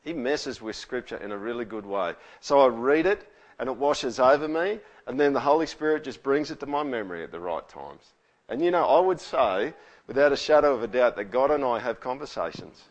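A man's voice: mid-range voice, lively intonation, a little fast, muffled recording. Man, pastor giving a casual, conversational sermon. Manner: conversational, with frequent rhetorical tags.

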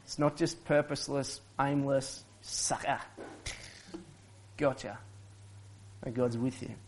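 A man's voice: mid-range voice, fairly even intonation, moderate pace, darkish tone, a little hiss or hum. A male pastor, preaching in a conversational way and often restarting his sentences. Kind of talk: sermon.

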